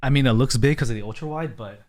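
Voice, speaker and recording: A man's voice: medium pitch, fast. A man streaming live from a small room, chatting casually and rambling to his viewers, a little out of breath. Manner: chatty, rambling, talks to chat as "fam".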